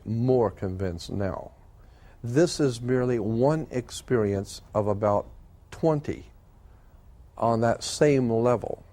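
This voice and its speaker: An older man speaks in a low, mellow voice, recounting a personal experience as a guest in an interview. He talks earnestly and haltingly, with many fillers and restarts. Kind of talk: storytelling in an interview.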